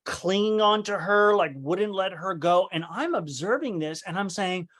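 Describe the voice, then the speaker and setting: A man with a somewhat high voice tells a personal story in a leadership training talk. He speaks earnestly, stumbles into frequent restarts and slips into other people's voices when he quotes them. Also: expressive, moderate pace, hardly any pauses, a bit bright.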